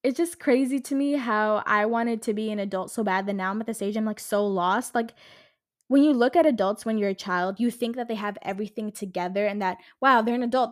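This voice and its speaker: A young woman in her twenties, talking alone into a home podcast mic. She rambles in a loose, chatty way, swears freely and fills her talk with "like" and "literally." Her voice sits at a middling pitch for a woman. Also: brisk. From Los Angeles area. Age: 20s. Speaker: podcast host. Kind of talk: casual solo podcast chat.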